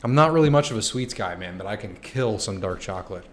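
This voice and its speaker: A young man in his twenties streams casually, answering chat questions, joking, swearing freely and sometimes shouting. His voice is lowish and animated, and he talks fast.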